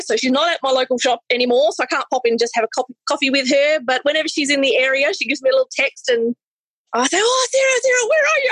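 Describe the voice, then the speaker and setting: Brief: high-voiced woman balloon artist, chatty and animated, dry close sound. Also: no echo, low-quality recording. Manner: chatty, animated, self-correcting. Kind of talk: casual storytelling.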